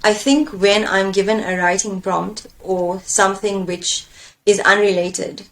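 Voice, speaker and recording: A woman talks through her writing struggles in a reflective, searching way. She thinks aloud and often pauses on fillers, and her voice sits at an ordinary middle pitch. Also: fairly even intonation. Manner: thoughtful, searching, with fillers and self-questioning. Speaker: poet and engineer, coaching guest. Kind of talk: reflective conversation.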